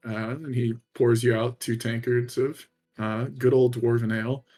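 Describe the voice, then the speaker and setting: A man's voice: mid-range voice, level tone, normal speed, dark tone, faint music behind. A man running a tabletop game as dungeon master, talking casually with lots of fillers. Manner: casual, lots of "uh" and "like", laughs along.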